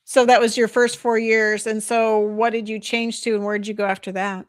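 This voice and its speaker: A woman's voice: on the high side, little pitch movement, normal speed. Woman hosting, asking brief questions. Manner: brief affirmations and follow-up questions. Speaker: host. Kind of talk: casual interview.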